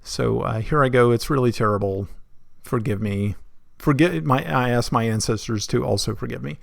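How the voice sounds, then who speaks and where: Gravelly-voiced man running a tabletop game. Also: medium pitch, normal speed, no room sound, studio quality. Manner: rambling, self-deprecating, many restarts. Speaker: game master.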